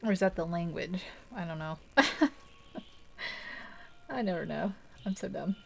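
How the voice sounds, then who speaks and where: A woman's voice: lowish voice, measured pace, vocal fry, a little mellow. A young woman hosting a live art stream, chatting casually and rambling while she paints, laughing often and poking fun at herself. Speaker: art livestream host.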